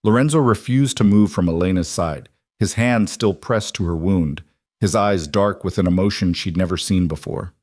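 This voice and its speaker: Guy narrating a romance audiobook, low voice, smooth and even, dry close mic. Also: normal speed, no room sound.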